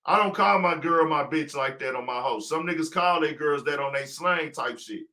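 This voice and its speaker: A man's voice: a little high, moderate pace, sharp tone. A man hosting a casual livestream talk show, preaching his point with rhetorical questions he answers himself. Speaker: podcast host.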